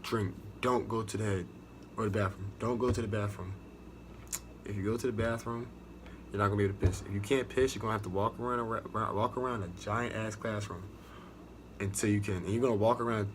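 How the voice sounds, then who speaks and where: A man's voice: lowish voice, steady tone, a little fast, background noise. A young American man with an American accent, casually recounting his navy boot camp experience in a profane, rambling way with many restarts. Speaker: navy recruit sharing experience. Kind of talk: casual storytelling vlog.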